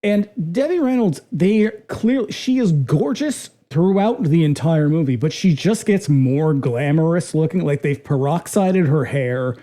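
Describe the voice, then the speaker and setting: A podcast co-host talking casually about a film, animated and profane, acting out lines of dialogue. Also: medium pitch, measured pace, few pauses. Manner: animated, profane, acts out quotes.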